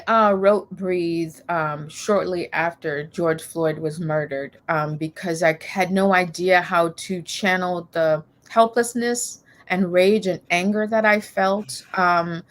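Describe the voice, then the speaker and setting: A woman soprano and composer talking about her songwriting in a casual interview, thoughtful and a little hesitant. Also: lowish voice. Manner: slow, thoughtful, with small hesitations.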